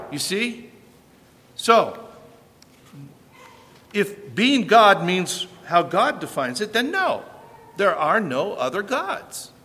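Man, preacher, sermon, bright voice, animated rhetorical questions, echoey hall. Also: high-pitched.

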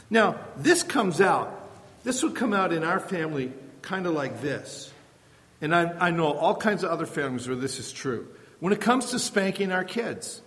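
A man's voice: high voice, a bit bright. A man preaching a sermon, emphatic and full of rhetorical questions. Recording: long hall reverb.

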